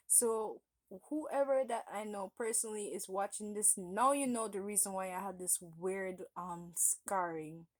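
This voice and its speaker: A woman's voice: medium pitch, no echo. A woman vlogger telling a personal story in a casual, rambling way, often stopping to correct herself.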